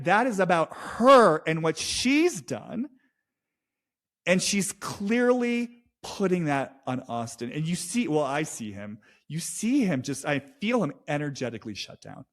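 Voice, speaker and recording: A man giving a casual, emotive intuitive reading of a reality-show scene, swearing freely and voicing what others feel. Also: a little high. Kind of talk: casual commentary.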